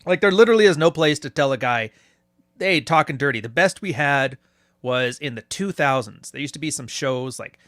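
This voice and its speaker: A man's voice: medium pitch, brisk, fairly bright tone, dry recording, studio quality. A man hosting a casual interview, joking and teasing his guest. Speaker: podcast host.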